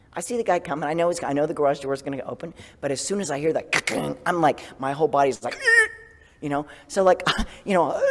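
A man giving a casual sermon as a Zen priest, self-deprecating and laughing often, dropping to a soft whisper for gentle self-talk. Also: fairly high pitch, big-room sound.

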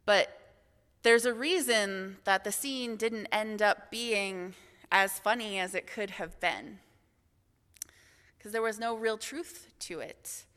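Young woman, assistant minister; bright tone, reverberant hall. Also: medium pitch, slow, clear, resonant tone. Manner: candid storytelling, self-deprecating. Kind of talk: sermon reflection.

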